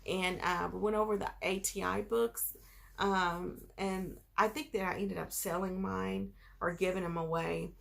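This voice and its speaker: A woman's voice: mid-range voice, level tone, unhurried, vocal fry. A woman vlogger telling a personal story in a casual, chatty way, full of filler phrases.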